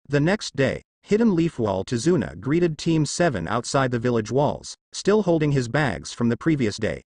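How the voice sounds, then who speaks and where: Animated male fan fiction narrator. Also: mid-range voice, moderate pace, few pauses, dry recording. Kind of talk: fan fiction story reading.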